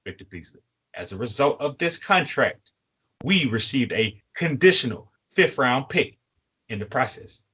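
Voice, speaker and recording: A man's voice: medium pitch, a bit bright, breathy edge. A man co-hosting a sports fan show, lecturing a player in a repetitive, preachy way. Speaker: co-host. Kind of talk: fan sports podcast talk.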